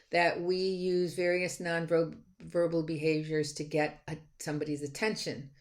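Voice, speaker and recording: A woman college instructor giving a recorded lecture on slides, talking conversationally with frequent restarts and fillers. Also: sits low.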